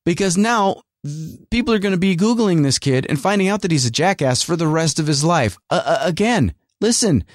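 A man's voice: on the high side, expressive, a little fast, few pauses, no room sound, studio quality. A man hosting a casual solo rant, rambling and sarcastic, full of fillers and restarts. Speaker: podcast host and working actor.

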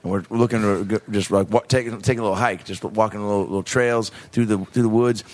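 Guy doing a crude rambling biker dude, low drawly voice, quick talker. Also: fairly even intonation, darkish tone, natural voice. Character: crude middle-aged biker man, rambling, boastful.

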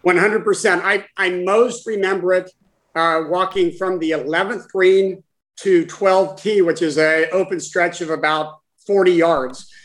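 Older guy telling a story on a podcast, kinda high voice, lots of uh and restarts, heartfelt. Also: steady tone, fairly bright tone, rough recording. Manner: halting and heartfelt, full of restarts and fillers. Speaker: guest, former caddie for his father. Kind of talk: storytelling in conversation.

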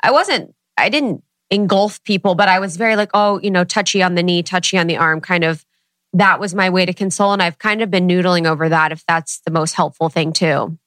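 Lady podcast host, lowish voice, chatty and thoughtful, dry sound. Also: brisk, fairly bright tone, no echo. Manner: conversational, thoughtful, frequent affirming murmurs. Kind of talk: casual podcast interview.

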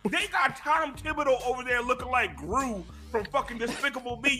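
A man hosting a sports podcast, ranting loudly and mockingly, with lots of swearing and shouting. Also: very high-pitched, brisk, a loud crowd. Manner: animated, profane, mocking, shouting. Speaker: podcast host. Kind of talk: loud ranting sports talk. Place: recorded with a group of co-hosts.

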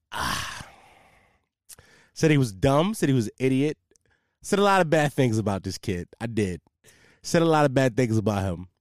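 A young man with a voice on the high side hosts a casual solo podcast, recorded with clean studio sound and no room noise. An animated storyteller, he's profane and rambling, and keeps losing his train of thought.

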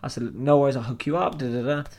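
A young man, a podcast co-host telling animated, sweary anecdotes and acting out the people in them. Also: mid-range voice, fast. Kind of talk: casual storytelling chat.

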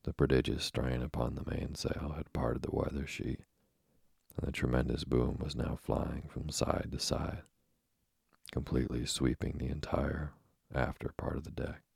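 Very deep gravelly male narrator. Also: little pitch movement, a little mellow, no room sound, clean studio sound. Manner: measured, dramatic storytelling. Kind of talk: audiobook reading of a classic novel.

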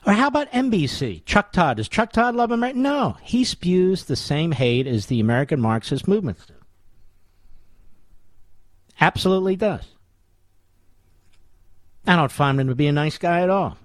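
A man's voice: a little high, big pitch swings, moderate pace, pauses often, no room sound. A man hosting a talk radio show, delivering a sarcastic, combative monologue full of scornful rhetorical questions and asides to his producer. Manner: addresses his producer on air.

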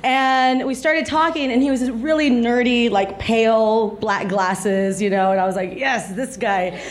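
A woman's voice: on the high side, fairly even intonation, a little slow. A woman in her thirties from South Texas, telling a stand-up story with chatty, laughing energy. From South Texas, USA. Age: 30s. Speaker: stand-up comedian. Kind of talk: stand-up comedy set. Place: comedy stage before a live audience. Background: audience laughter.

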